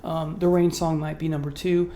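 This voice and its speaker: Speaking unscripted to camera, a music video host ranks songs in an earnest, admiring review, getting emotional about the music and dropping frequent ums and uhs. The voice is mid-range and dark-toned, with flat delivery at a moderate pace.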